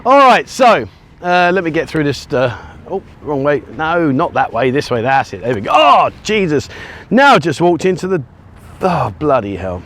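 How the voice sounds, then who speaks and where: A man's voice: fairly high pitch, very animated, moderate pace, fairly bright tone. A middle-aged English man from the UK, chatting casually and rambling with self-mocking asides as he films himself on a sunny beachfront. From United Kingdom. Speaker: vlogger. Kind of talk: casual walking vlog. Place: outdoors on a sunny beachfront by a busy road. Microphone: handheld camera at arm's length. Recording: faint outdoor traffic noise.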